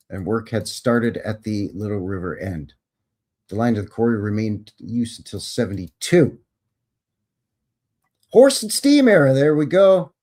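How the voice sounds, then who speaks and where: Guy hosting a live show, reads old history stuff then throws in snarky little asides, mid-pitched voice. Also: darkish tone. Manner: wry, sarcastic ad-libs between read passages; self-correcting, chatty. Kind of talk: reading history aloud with casual asides.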